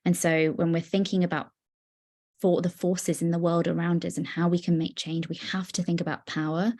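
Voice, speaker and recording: A young woman giving an earnest, personal talk on a video call, with many pauses and fillers. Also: lowish voice, little pitch movement, a little mellow. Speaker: guest speaker. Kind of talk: virtual presentation.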